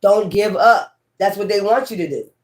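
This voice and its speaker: A woman tarot reader talks straight to her viewers in a loose, casual chat. She is blunt and profane, repeats her points for emphasis, and her voice sits at a middle pitch. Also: moderate pace.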